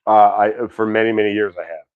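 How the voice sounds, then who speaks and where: A man's voice: lowish voice, fairly even intonation, fast talker, smooth, dry recording, narrow, tinny audio. A man in his thirties with a New York accent, hosting a casual chat, rambling with repeated words and casual swearing. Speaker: podcast host.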